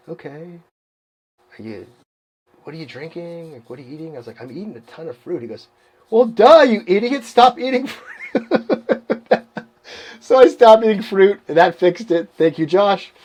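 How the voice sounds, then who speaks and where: A man with a slightly higher voice tells his story in a loose, rambling way. He is casual and self-mocking, and he laughs at his own mistakes. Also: a little mellow. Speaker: podcast guest.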